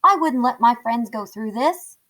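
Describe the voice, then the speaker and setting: A woman's voice: on the high side, expressive, unhurried, a bit bright, voice pushed up. A woman reading aloud, voicing a blunt father who firmly scolds a restaurant owner. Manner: firm, scolding.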